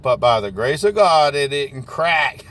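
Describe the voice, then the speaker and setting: A man with a Southern US accent telling stories from his sales work in a folksy, animated way. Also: fairly high pitch. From Southern United States. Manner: folksy, animated, dialect grammar like "ain't nobody". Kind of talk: casual storytelling vlog.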